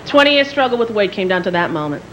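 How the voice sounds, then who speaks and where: A woman's voice: mid-range voice, big pitch swings, fast, highs cut off. A woman performing stand-up comedy in a brash, profane, self-mocking way before a live audience. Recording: live stage with crowd laughter and noise.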